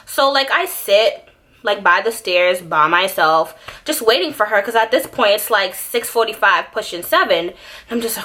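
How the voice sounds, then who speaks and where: A young woman telling a childhood story in a casual vlog, animated and dramatic, with many fillers. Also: medium pitch, normal speed. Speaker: beauty YouTuber.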